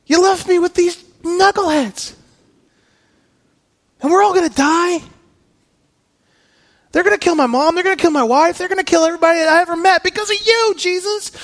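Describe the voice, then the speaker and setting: A man playing a panicked, heartbroken male disciple who shouts at his teacher in despair. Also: very high-pitched, big pitch swings, fairly quick, voice pushed up, full character voice. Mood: frantic, shouting. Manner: frantic, shouting, sarcastic.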